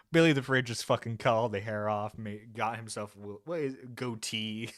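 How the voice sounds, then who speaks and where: A man's voice: mid-range voice, no echo, studio quality. A man hosting a live stream, reacting to a video with sarcastic, profane commentary and frequent laughter. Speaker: stream host.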